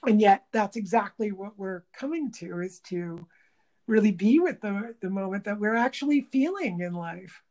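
A woman's voice: medium pitch, animated, moderate pace, warm tone. A woman workshop teacher talking in a reflective interview, thoughtful and searching for words, often restarting.

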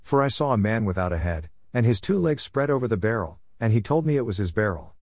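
A man's voice: fairly low pitch, expressive, fast, a little mellow, no room sound, clean studio sound. A man doing a timid poor wanderer. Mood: frightened.

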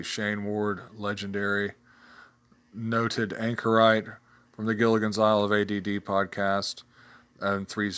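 A man with a somewhat low voice hosts a casual solo show. He talks in a loose, chatty way and laughs at his own jokes. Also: a bit bright. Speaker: host reviewing tabletop game blogs.

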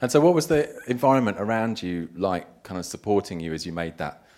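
A man's voice: fairly low pitch, sing-song, a little fast, darkish tone. A man interviewing a guest at a live event, asking long, wandering questions with many restarts.

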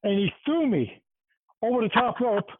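An older man who once wrestled, telling a story in a relaxed casual chat. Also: sits high, moderate pace, slight background noise. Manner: relaxed storyteller, frequent short replies. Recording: dry tinny phone-like line.

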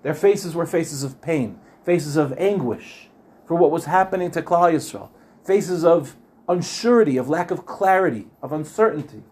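A man's voice: a little high, animated, moderate pace, darkish tone. A man teaching a Torah class, telling the story earnestly and repeating phrases for emphasis.

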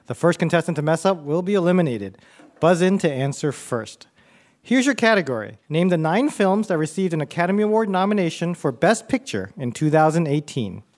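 Brisk teasing quiz co-host. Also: mid-range voice, big pitch swings. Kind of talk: running a quiz round.

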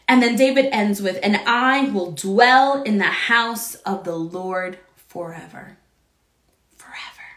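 A woman's voice: mid-range voice, slow, few pauses, fairly bright tone, echoey room. A woman teaching an online Bible study, speaking fervently like a preacher and often checking in with "right?".

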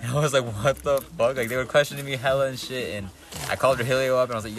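A man's voice: medium pitch, rapid-fire, noisy background. A young man chatting casually on a podcast, laid-back and speaking to his friends as "y'all".

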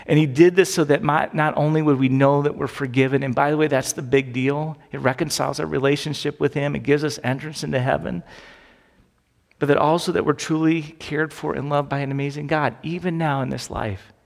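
Male pastor, sermon, storytelling, slightly high voice, long church reverb. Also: steady tone, fairly quick, vocal fry. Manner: storytelling with acted-out quotes, building to emphatic peaks. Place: church sanctuary.

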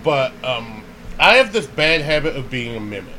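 A man's voice: medium pitch, normal speed, a little hiss or hum, poor audio. A man telling a funny story in casual chat, laughing often and acting out what people said. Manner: animated, laughs often, acts out quoted voices.

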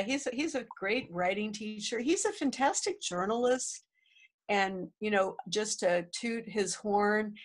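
A woman co-hosting a podcast with a nasal voice, fighting a cold. She talks in a chatty, self-deprecating way at a middle pitch. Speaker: podcast co-host. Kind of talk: casual chat.

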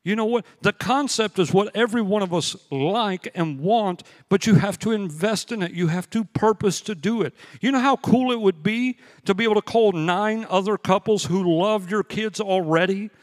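A man delivers a sermon in a relaxed, conversational style, weaving stories together and driving each point home by repeating it. His voice sits a little high for a man. The sound rings out with a long reverb tail, as if he is preaching in a large church auditorium. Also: normal speed, hardly any pauses. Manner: conversational storytelling with emphatic repetition. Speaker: pastor.

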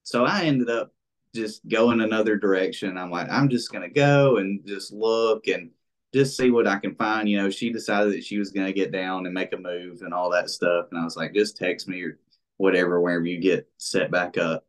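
A man tells a story in a relaxed podcast chat. He rambles, full of fillers and restarts, and acts out what people said to each other. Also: sits low, normal speed. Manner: rambling and animated, many fillers, acts out quoted speech. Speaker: interview guest, bow hunter. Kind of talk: casual storytelling in a podcast interview.

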